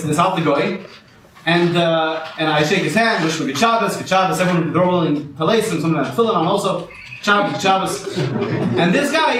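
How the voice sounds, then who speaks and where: A man's voice: high-pitched, fairly bright tone, a little hiss or hum. A man performing a rambling stand-up set, peppered with Hebrew and Yiddish words, before a live audience. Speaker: stand-up comedian. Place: small comedy venue with a live audience. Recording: echoey room from far off with a laughing crowd.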